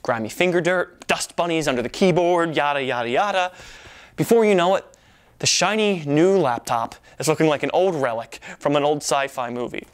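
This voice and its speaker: A man's voice: fairly high pitch, moderate pace, clean tone. A man giving a playful, exaggerated comedic demonstration as a presenter. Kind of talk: comedic product demo.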